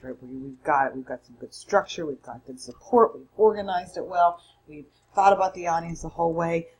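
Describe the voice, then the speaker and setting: A college public speaking instructor records a mini-lecture from home, conversational and emphatic, correcting herself as she goes. Her voice is lowish, a little mellow and husky, and the audio is poor.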